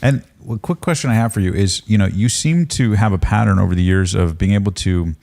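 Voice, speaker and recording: A man's voice: fairly low pitch, brisk, creaky, darkish tone. A man hosting a podcast, listening closely with short acknowledgments and asking long, structured questions. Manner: attentive, frequent short backchannels, structured questions. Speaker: podcast host. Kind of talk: interview questions.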